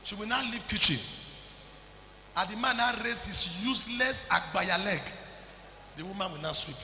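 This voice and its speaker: A man with a Nigerian accent preaching a fervent sermon, breaking into shouts and slipping into pidgin. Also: sits high, moderate pace, a little hiss or hum. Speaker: pastor. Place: church. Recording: echoey church hall.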